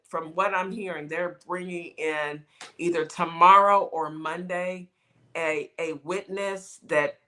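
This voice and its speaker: Sassy bright-voiced woman host. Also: fairly low pitch, fairly even intonation, takes it slowly. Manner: chatty, sassy, laughs often. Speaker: show host. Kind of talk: casual morning show chat.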